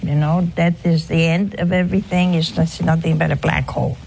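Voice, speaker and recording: A woman in an informal religious broadcast, telling a story earnestly and with emphasis, sometimes dropping to a hushed voice. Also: low voice, little pitch movement, fairly quick, vocal fry, slight background noise. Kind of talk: informal spiritual talk with a story.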